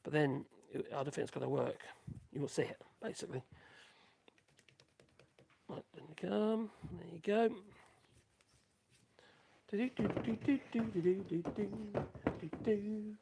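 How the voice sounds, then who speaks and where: A man's voice: a little high, lively intonation, moderate pace, creaky, long pauses, darkish tone, a little hiss or hum. A man rambling casually to viewers, muttering asides to himself as he works in his workshop. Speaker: woodworking livestream host. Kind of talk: casual chat while working.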